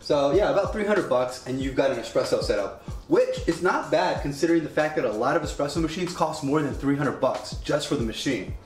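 A man's voice: fairly high pitch, expressive, a little fast. A man casually demonstrating a home coffee setup, chatty and rambling with joking asides. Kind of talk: casual product demo. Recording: echoey room with faint music.

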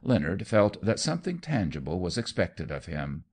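A man reading a short story aloud as an audiobook narrator, measured and expressive. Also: low voice. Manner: measured, expressive reading that voices every character.

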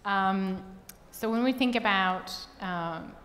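A woman's voice: medium pitch, takes it slowly, a bit bright, slight background noise. A woman sitting as a judge, asking a presenter a question in a searching, hesitant way full of ums. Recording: echoey hotel hall with long reverb.

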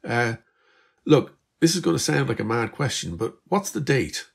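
A man voicing a teenage girl from the future, anxious and stammering, in a husky voice. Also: medium pitch, animated, moderate pace, voice pushed up.

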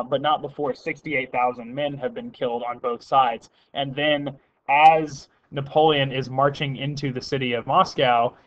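Male history lecturer, conversational, lots of ums and restarts, mid-pitched, slightly dull recording. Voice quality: conversational with frequent fillers and restarts. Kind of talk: casual spoken history lecture.

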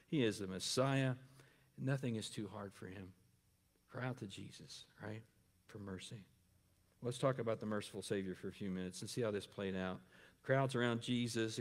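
A man with a lowish voice preaches a Sunday sermon, turning to his congregation with repeated questions and rising to stress his points. His words ring out with a long reverb that fills the church sanctuary. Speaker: pastor.

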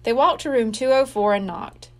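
A woman reading a children's mystery book aloud, slowly and expressively. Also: fairly high pitch. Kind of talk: read-aloud storybook narration.

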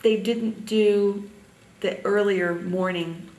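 An older woman from Indiana reminiscing in an oral history interview, halting often with ums. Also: medium pitch, steady tone, a little mellow, reverberant, far from the mic, low-quality recording.

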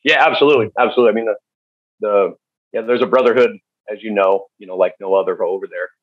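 A man speaking as a podcast guest, telling stories in a candid, halting way with many fillers. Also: lowish voice, no room sound. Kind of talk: storytelling interview. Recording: dull, dry lo-fi recording.

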